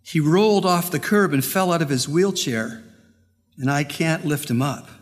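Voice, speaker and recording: A man's voice: on the high side, normal speed, pitched above the performer's own voice, lightly acted. A young boy begs for help through tears, apologetic and pleading, as a preacher puts him on. The voice is set in a hall with a long reverb tail.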